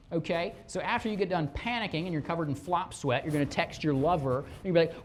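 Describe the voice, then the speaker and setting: Detective teaching a class, highly animated, swooping pitch, quizzes the room, slips into scammer voices. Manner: animated, fires rhetorical questions at the audience; acts out scammers' lines in quick put-on voices. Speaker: police fraud detective. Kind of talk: lively classroom presentation. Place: presentation room with a live audience.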